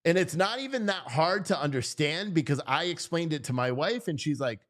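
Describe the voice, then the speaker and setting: A male host with a fairly high voice riffs through casual political commentary, swearing freely. He rambles, restarts his sentences and asks his audience questions directly. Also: lively intonation, a little fast, fairly bright tone. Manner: rambling, profane, self-interrupting.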